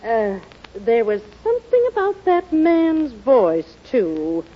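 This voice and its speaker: A woman's voice: a little high, big pitch swings, slow, breathy edge, exaggerated voice. A flustered radio-sitcom mother. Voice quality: flustered and exclaiming. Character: fussy, excitable middle-aged mother. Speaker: comic mother. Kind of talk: 1940s radio sitcom acting. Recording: muffled old radio broadcast with audience. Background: studio audience laughter.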